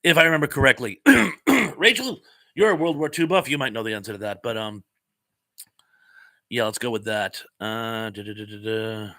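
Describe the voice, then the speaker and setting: Bright-voiced chatty male live-stream host. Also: medium pitch, normal speed, creaky, pauses often. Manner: chatty, rambling, reads comments aloud with frequent fillers and laughs. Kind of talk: casual live chat.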